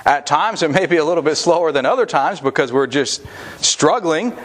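A man's voice: on the high side, expressive, normal speed, fairly bright tone. A man preaching a sermon in a conversational way, with asides and restarts. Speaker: pastor.

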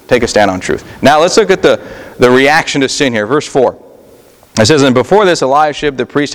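A male pastor preaching a sermon in a conversational style, often pausing on fillers and restarting his sentences. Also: medium pitch, big-room sound. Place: church sanctuary.

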